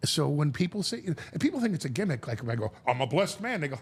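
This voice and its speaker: A man talking as a guest, telling a story in a lively way, acting out quotes and often restarting his sentences. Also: on the high side, husky. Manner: animated storyteller, acts out quotes, halting restarts. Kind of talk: storytelling chat.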